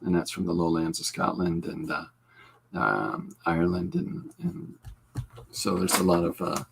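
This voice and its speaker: A man's voice: low voice, a little slow, vocal fry, background noise. A man hosting a casual live podcast, chatting with viewers and rambling through asides and self-corrections. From Canada. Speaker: podcast host drawing comics live. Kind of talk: casual live-stream chat reading comments.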